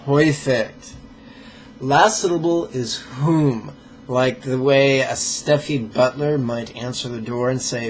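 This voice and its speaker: A man leading a pronunciation drill as a meditation teacher, playful and joking, sounding out syllables slowly and carefully. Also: medium pitch, faint music behind. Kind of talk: pronunciation drill in a live lesson.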